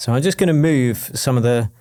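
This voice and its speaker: A man teaching a music production tutorial in a chatty, jokey way, wired on coffee and full of quick asides. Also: medium pitch. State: wired on coffee, talking fast. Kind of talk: screen-recorded production tutorial.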